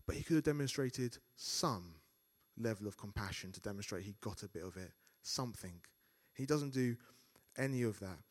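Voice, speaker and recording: Male preacher giving a sermon, animated delivery, acts out inner thoughts. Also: on the low side, moderate pace.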